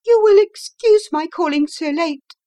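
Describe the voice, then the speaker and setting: A woman voicing a timid young wife in frantic distress, pleading in a high, breathless voice for an audiobook. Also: unhurried, mellow, no room sound. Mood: distraught pleading. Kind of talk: audiobook character voice.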